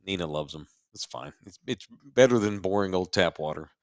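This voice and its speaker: A man's voice: low-pitched, animated, fairly quick, vocal fry, no echo, studio quality. A middle-aged man, co-hosting a podcast in laid-back, rambling casual chat. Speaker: podcast co-host.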